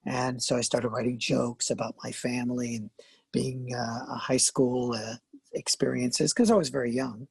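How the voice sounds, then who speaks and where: An older man, a veteran actor and voice artist, telling animated stories in a casual interview, laughing and acting out what people said. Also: mid-range voice, measured pace, creaky, husky, no room sound. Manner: animated, laughing, acts out quoted lines.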